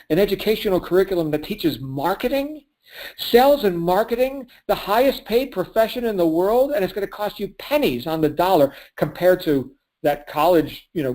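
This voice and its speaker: With a slightly high, warm voice, a man coaches a call as a motivational sales speaker. The pep talk is punchy and preachy, full of self-answered questions and frequent laughter.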